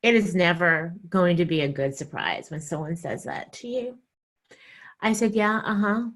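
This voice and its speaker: A young woman from the American South telling a stand-up comedy story, animated and acting out the voices she quotes. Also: lowish voice, normal speed.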